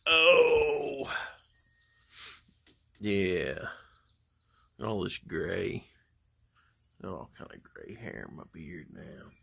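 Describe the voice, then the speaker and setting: A man's voice: low voice, animated, takes it slowly, vocal fry, pauses often, slightly rough. A middle-aged man chatting casually on a livestream, telling easygoing, rambling stories from his porch. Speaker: live streamer. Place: outdoor porch.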